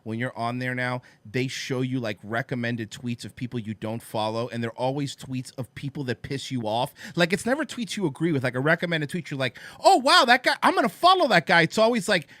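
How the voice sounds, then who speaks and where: A man's voice: medium pitch, a little fast, hardly any pauses, fairly bright tone, no echo. A man co-hosting a podcast in casual chat, profane and mocking. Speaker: podcast co-host.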